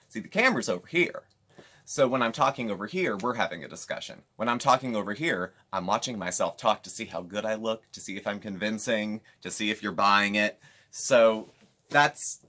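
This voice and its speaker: A man hosting a casual commentary show, recapping another creator's videos with animated, sarcastic asides. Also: lowish voice. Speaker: commentary channel host.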